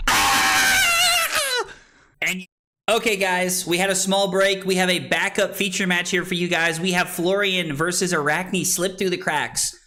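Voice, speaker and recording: A man's voice: high voice, fairly even intonation, normal speed, sharp tone. A tipsy man hosting a tournament live stream, rowdy and joking, swearing a lot and laughing through his commentary.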